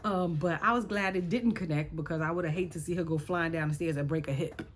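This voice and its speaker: Sassy woman w/ aave doing a reality show recap, fed up, lowish voice. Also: fast talker, slight background noise. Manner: sassy, exasperated, talks to viewers.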